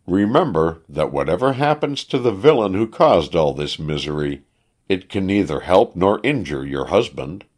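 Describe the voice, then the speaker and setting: A man reading an audiobook, voicing a worldly lawyer in a slightly raised, measured, matter-of-fact manner. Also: sits low, big pitch swings, a little mellow. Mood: soothing. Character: worldly cynical lawyer, middle-aged man.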